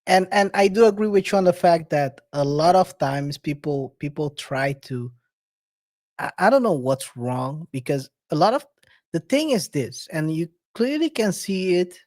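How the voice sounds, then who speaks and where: A man co-hosting a podcast, chatting in an animated way with quick restarts and shout-outs. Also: a little high. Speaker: co-host. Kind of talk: casual podcast chat.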